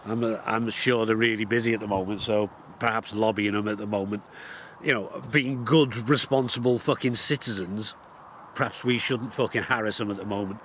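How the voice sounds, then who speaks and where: A man's voice: on the low side, fairly even intonation, moderate pace, fairly bright tone, a little hiss or hum. A man vlogging outdoors in the countryside, delivering a heated, blunt rant to camera and swearing constantly. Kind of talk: profane angry rant to camera.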